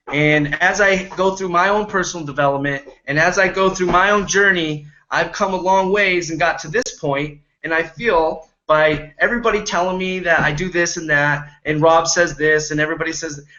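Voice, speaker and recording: High bright-voiced man, earnest and rambling. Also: lo-fi sound. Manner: rambling and earnest, checks in with "right?" and "okay?". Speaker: home business coach. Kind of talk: motivational talk to camera.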